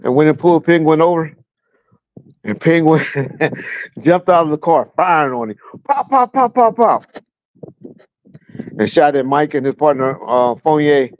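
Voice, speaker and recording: His pitch is fairly high and his tone a little mellow, moving at an ordinary speed. A middle-aged Southern Californian, he's a livestream guest laughing through frank, foul-mouthed police stories from home with a fan going. The recording sounds muffled, with a slight hiss or hum.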